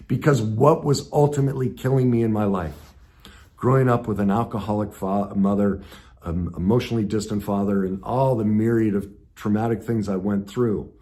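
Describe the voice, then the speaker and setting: A middle-aged man speaking as a self-help coach in an earnest, emphatic monologue that swings between intense and soft. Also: sits low. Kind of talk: motivational monologue.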